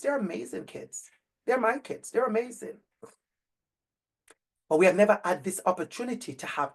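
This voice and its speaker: Man, high voice, storytelling talk, animated, emphatic repetition. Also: normal speed, long pauses. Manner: animated, acts out children's voices. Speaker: educator and speaker.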